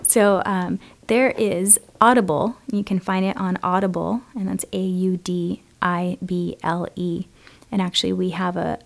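A woman's voice: on the low side, gravelly. A woman co-hosting a podcast, talking in a chatty, enthusiastic way and laughing easily. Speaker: podcast co-host. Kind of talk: casual conversation.

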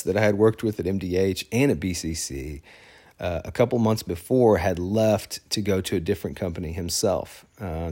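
Low-voiced man telling a wry story. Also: a little mellow. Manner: rambling, many fillers and self-corrections; wry, laughs at his own story. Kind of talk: casual personal storytelling.

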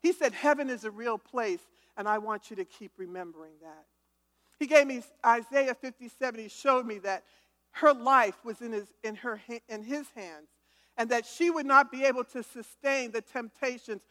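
Her pitch is fairly high with a slightly bright tone as she preaches an emphatic testimony, drawing responses from listeners and repeatedly restarting words. The sound has the reverb of a hall.

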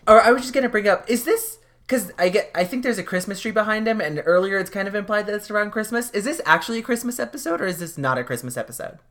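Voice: mid-range voice, animated, fast talker, few pauses, a bit bright. A podcast guest in casual chat, joking and asking playful questions.

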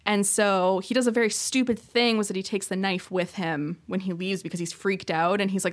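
A woman's voice: mid-range voice, fairly even intonation, fairly quick, hardly any pauses. A woman co-hosting a podcast, retelling a show's plot in casual chat with lots of likes and ums. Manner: rambling, filler-heavy retelling. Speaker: podcast co-host.

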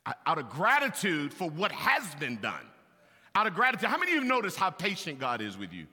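A man preaching a sermon as pastor of a large church, animated, swinging between loud bursts and hushed confessional passages. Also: on the high side, quick pace, long reverb tail.

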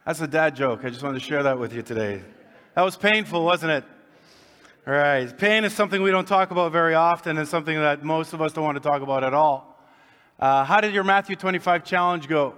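A man's voice: on the high side, fairly even intonation, brisk, a bit bright, clean tone. A man preaching a sermon as pastor, folksy and conversational, joking with the congregation. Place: church sanctuary. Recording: long reverb of a church hall.

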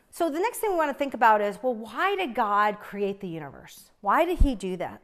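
A young woman teaching a Bible lesson in an earnest, chatty way, often checking in with "right?". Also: mid-range voice.

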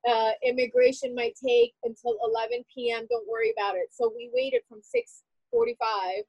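A woman telling a painful personal story in an interview, animated and full of "like" fillers. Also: fairly high pitch, normal speed, vocal fry, husky, no room sound, highs cut off. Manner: animated, heavy use of "like" fillers.

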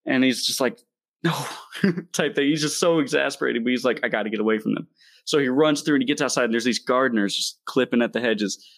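A man's voice: mid-range voice, fast talker, fairly bright tone. A man hosting a casual podcast, retelling a horror comic story in a rambling, laid-back way, with swearing and laughter. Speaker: podcast host.

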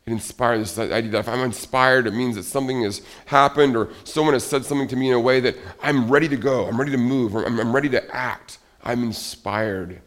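A middle-aged man preaching a sermon in a conversational, animated way, acting out little everyday scenes. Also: mid-range voice, a little fast, hardly any pauses. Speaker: pastor.

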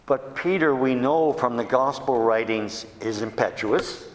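Male deacon preaching slowly, reads scripture dialogue aloud, roomy echoing church sound. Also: medium pitch. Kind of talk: sermon.

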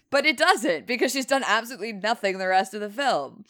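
A woman's voice: fairly high pitch, unhurried. A woman co-hosting a casual film review chat, retelling the plot sarcastically. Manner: sarcastic, animated retelling with laughs. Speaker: podcast co-host.

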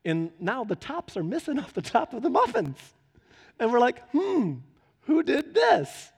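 A man's voice: extremely high pitch, very animated, moderate pace, breathy edge. A man preaching a sermon, telling a homely story and then urging his listeners on with fervent exhortation. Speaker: pastor. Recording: long hall reverb.

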